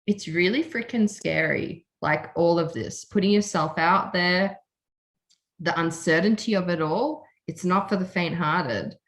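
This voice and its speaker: A woman's voice: fairly low pitch, measured pace. A woman hosting a podcast, chatting casually and effusively, often laughing and emotional. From Australia. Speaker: podcast host. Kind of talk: casual chat.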